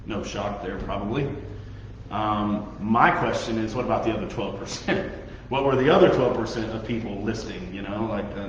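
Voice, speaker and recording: A man's voice: lowish voice, normal speed, a little hiss or hum. Young man teaching in an echoey hall. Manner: conversational, asks the audience questions, self-deprecating humor. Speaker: youth pastor. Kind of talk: casual Bible teaching. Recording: echoey hall, muffled sound.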